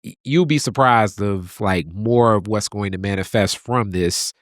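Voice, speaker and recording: A man's voice: lowish voice, a little slow, no echo, studio quality. A man hosting a casual conversation, laid-back, with frequent conversational asides. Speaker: host.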